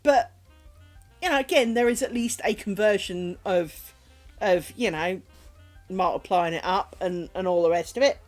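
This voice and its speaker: A woman's voice: mid-range voice, unhurried, faint music behind. A middle-aged British woman streaming from home, chatting casually while she crafts, rambling along with dry humour and plenty of swearing.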